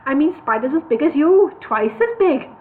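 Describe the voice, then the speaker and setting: Woman doing a gloomy nervous dwarf guy, kinda high, stumbly, sounds like a phone call. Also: expressive, moderate pace. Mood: wary. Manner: hesitant, wary, with stammered restarts. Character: gloomy, hesitant male dwarf guide.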